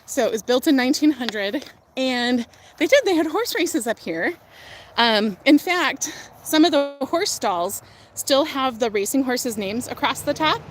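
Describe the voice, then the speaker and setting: This young woman's livestream tour takes place outside on her farm, where she chats effusively, laughing and using fillers. She speaks at a measured pace in a high, expressive voice carrying a slight hiss or hum.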